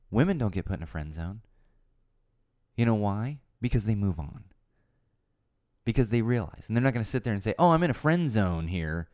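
A man talks straight to his followers in a casual, emphatic monologue, and he hammers his points home by repeating them. His voice sits fairly low but swings up and down a lot, and it is wearing hoarse. The sound is dry and close, with no room around it. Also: dry recording. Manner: animated, emphatic, repeats phrases. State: voice going hoarse. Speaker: host of a personal talk show.

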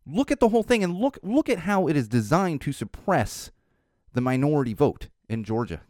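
A man's voice: fairly high pitch, big pitch swings, moderate pace, darkish tone, no echo, clean studio sound. A man hosting a podcast, ranting sarcastically in a casual opinion monologue, with restarts and laughs. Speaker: podcast host.

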